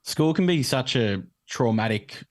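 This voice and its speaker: A man's voice: medium pitch, expressive, a little slow, no echo. A man co-hosting a podcast, speaking earnestly and reflectively in casual chat. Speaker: podcast co-host.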